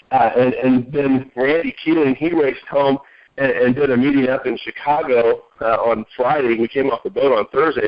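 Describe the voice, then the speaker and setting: A man hosting a conference call, talking in an upbeat way and often restarting his sentences. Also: mid-range voice. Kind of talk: enthusiastic conference call talk. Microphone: telephone. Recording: lo-fi phone line.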